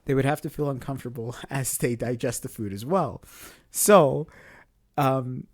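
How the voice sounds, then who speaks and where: A man hosting a podcast, telling a personal story in a casual, animated way and laughing between lines. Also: mid-range voice, normal speed. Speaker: podcast host.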